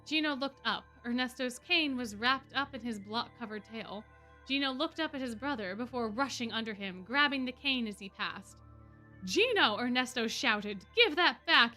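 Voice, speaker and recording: A woman streamer reading fan fiction aloud in an expressive way. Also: high voice. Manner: expressive, laughing asides.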